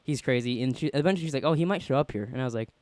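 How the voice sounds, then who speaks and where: A man hosting a podcast, telling a story in a casual, animated way and acting out the people he quotes. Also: medium pitch, very fast, no echo. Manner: animated, acts out quoted voices. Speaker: podcast host.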